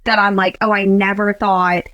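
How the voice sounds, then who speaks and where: A woman's voice: medium pitch, flat delivery, moderate pace, fairly bright tone, dry recording, lo-fi sound. A young woman from Pittsburgh, a beauty school admissions director, chatting as a guest on a casual podcast interview in a bubbly, gushing way with lots of fillers. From Pittsburgh, Western Pennsylvania.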